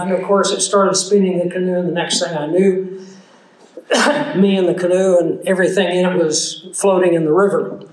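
High-voiced preacher in an echoey room. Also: male voice. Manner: conversational, storytelling, earnest. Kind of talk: sermon with personal anecdote.

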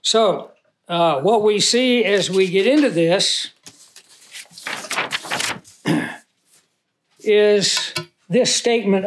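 A man preaching a Bible teaching sermon in a conversational way, asking the audience questions and reading scripture slowly with emphasis. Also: high-pitched. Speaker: pastor.

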